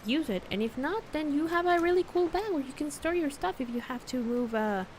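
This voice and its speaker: A woman's voice: high-pitched, lively intonation, fairly quick, a little hiss or hum. Chatty young woman streaming a game. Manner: chatty, rambling, stumbling over words. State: hiccups. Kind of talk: casual gameplay commentary. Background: game music.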